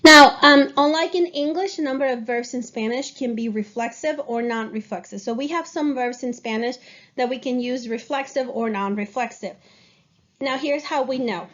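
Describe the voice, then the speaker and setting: A woman's voice: high voice, moderate pace, fairly bright tone, highs cut off. A woman teaching Spanish grammar to a class, explaining patiently and checking in with her students.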